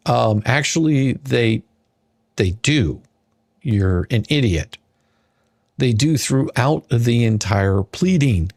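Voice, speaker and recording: Exasperated male commentator, slow and husky, dry close sound, sarcastic rant. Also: mid-range voice, lively intonation, a little mellow, no echo. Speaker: commentator reading a court filing. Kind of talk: ranting commentary.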